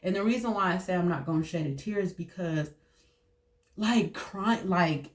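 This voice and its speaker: A woman, telling her own story in a candid, halting way with many fillers and restarts. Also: fairly low pitch. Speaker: host. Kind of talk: personal storytelling to camera.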